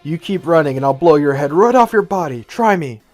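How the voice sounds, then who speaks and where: A man's voice: fairly high pitch, animated, normal speed, soft background music, natural voice. A man voicing a ruthless female government boss who gives curt, cold orders. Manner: curt, commanding, unbothered.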